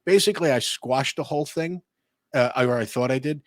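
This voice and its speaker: A man's voice: mid-range voice, fairly quick, dry recording, studio quality. A man co-hosting a casual podcast chat, telling rambling, profane work stories and laughing through them. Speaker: podcast co-host.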